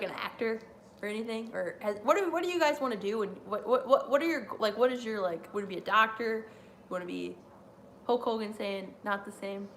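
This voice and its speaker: A woman's voice: on the high side, a bit bright, a little hiss or hum. A young woman hosting a live stream, rambling casually with lots of fillers and frequent laughter.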